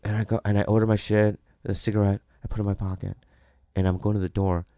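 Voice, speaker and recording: A man in casual podcast chat, telling a story with lots of energy and acting out other people's voices loudly. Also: on the low side, level tone, quick pace, no room sound.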